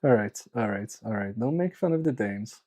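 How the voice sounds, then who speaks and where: A man with a lowish, darkish voice talks expressively at a moderate pace while hosting a live stream repairing electronics. His chatter is casual, jokey, and self-mocking, with plenty of muttering during the repair.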